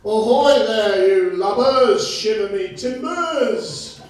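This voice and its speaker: A man acting a blustering, bossy pirate captain on an amateur pantomime stage, in a theatrical booming manner. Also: animated, slow pace. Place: community stage hall. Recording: echoey hall from far off.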